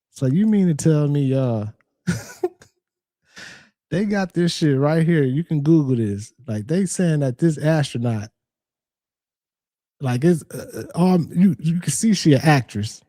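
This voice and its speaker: Brief: young male reaction host, slangy and laid-back, very dark mellow tone, close dry sound. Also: a little high, no echo. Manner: laid-back slangy banter, talks to chat. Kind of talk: casual reaction commentary.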